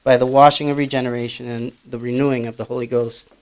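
A man preaching a sermon, reading old-style Bible verses aloud with loud emphatic rises and quieter asides. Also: medium pitch, little pitch movement, fast talker, smooth.

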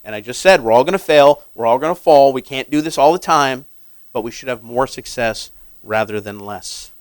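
A man preaching a sermon in a conversational way, asking his listeners questions and growing loud and emphatic on key points. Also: mid-range voice, moderate pace, smooth, no echo, poor audio. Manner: conversational, asks the audience questions; grows emphatic and loud when stressing points.

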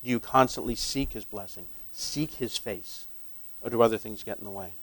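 A man preaching a sermon in a conversational way, asking his listeners questions and growing loud and emphatic on key points. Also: fairly low pitch, normal speed, rough recording. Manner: conversational, asks the audience questions; grows emphatic and loud when stressing points.

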